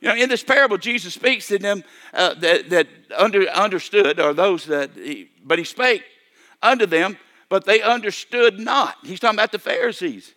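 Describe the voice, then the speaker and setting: An older man delivers a sermon in a high, bright voice. He repeats himself, restarts phrases and keeps calling for amens. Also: animated, moderate pace. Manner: repetitive, stammering restarts, calls for amen. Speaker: preacher.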